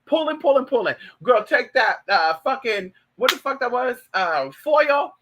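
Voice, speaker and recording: A man hosting a livestream, telling stories in a flamboyant, profane, animated casual chat. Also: very high-pitched, normal speed, background noise.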